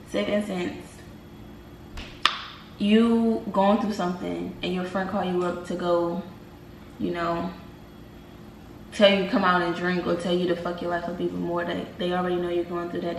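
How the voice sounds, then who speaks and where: A young woman vlogger casually telling viewers about a dream, animated and slangy, talking to them as y'all. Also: lowish voice, a little hiss or hum. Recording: roomy, from a distance, faint ambience.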